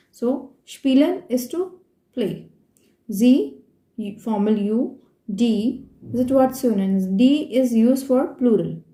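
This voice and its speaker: A woman's voice: a little high, dark tone. A woman with an Indian English accent teaching beginner German from a textbook, patiently repeating and spelling out words. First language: Hindi. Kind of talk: textbook lesson explanation. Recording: echoey room.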